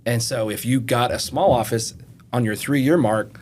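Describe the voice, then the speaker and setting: A middle-aged man from Eastern Kentucky, an FBI agent guesting on a podcast, telling stories in an animated way and acting out what people said. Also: mid-range voice, normal speed, a little hiss or hum. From Eastern Kentucky, USA. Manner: animated storyteller, acts out quotes. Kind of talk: casual interview storytelling.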